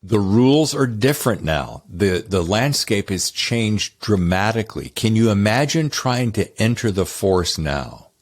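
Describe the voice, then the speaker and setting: A man with a Southern American accent hosts a casual podcast interview. His voice sits fairly low, and he talks in a rambling, effusive way. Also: animated, measured pace, few pauses. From North Carolina. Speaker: podcast host.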